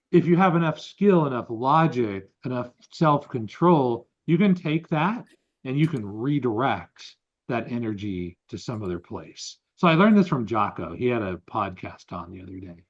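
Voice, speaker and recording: A man's voice: mid-range voice, muffled recording. A man co-hosting a podcast, chatting casually and explaining ideas with examples. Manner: animated, explains with examples and quotes. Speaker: podcast co-host. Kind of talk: casual conversation.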